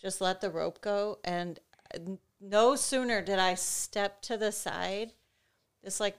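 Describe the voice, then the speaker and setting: Bright-voiced woman, frank storyteller. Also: mid-range voice, slow pace. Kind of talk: casual chat.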